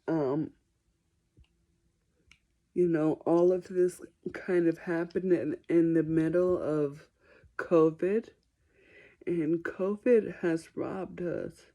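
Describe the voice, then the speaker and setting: Slow, deep-toned woman chatting. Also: mellow. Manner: chatty and self-deprecating, often apologizing. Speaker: musician answering viewer questions. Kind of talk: casual question-and-answer vlog.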